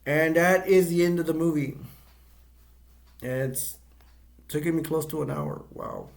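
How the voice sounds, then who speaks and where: Gravelly middle-aged man rambling through a review. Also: fairly high pitch, a little mellow. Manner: rambling and halting, full of restarts and fillers. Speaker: movie reviewer. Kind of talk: casual rambling movie review.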